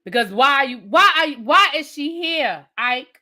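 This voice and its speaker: Incredulous, bright-voiced woman ranting. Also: high voice, expressive. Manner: blunt, incredulous, rapid-fire rhetorical questions. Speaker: TV review host. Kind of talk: casual rant review.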